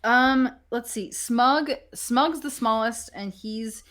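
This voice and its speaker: A woman's voice: on the high side, slow pace, a bit bright. A woman narrating as game master, casual and salty, swearing freely. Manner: casual, profane, laughing often.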